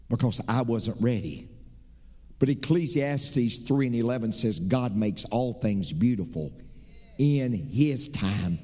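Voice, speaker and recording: A middle-aged man delivers a sermon from the pulpit, mixing homespun stories with emphatic calls to trust. His voice sits at an ordinary male pitch, rising and punching on key lines and then dropping to soft, confiding asides. The sound rings out with the long reverb of a church sanctuary. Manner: folksy storytelling preacher, swings from loud emphatic lines to soft confiding asides. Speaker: pastor.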